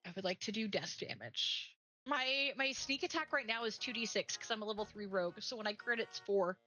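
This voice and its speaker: Bright, rambling woman streamer. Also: medium pitch, a little fast, low-quality recording. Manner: rambling storyteller, acts out quoted friends. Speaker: co-streamer, game jam teammate. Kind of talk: casual stream chat. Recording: faint background music.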